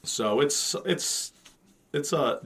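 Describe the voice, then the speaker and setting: A man in his thirties co-hosts a podcast, casually chatting about a movie with lots of swearing, rambling, frequent fillers and restarts. His voice is fairly high and fairly bright, with lively intonation and drawn-out words.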